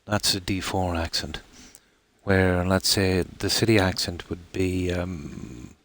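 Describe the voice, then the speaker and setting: An Irish man with a notably low, deep voice talks to his live-stream viewers while he plays. He rambles casually, circling back with frequent ums and restarts. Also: level tone, takes it slowly, fairly bright tone, no echo.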